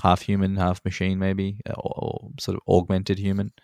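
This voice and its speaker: A man with a very low voice talks through a casual podcast conversation, loose and unpolished, swearing freely and dropping plenty of ums. He chuckles as he goes. The sound is close and dry, with no room around it. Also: monotone, moderate pace, vocal fry, a little mellow, no echo. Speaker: podcast co-host.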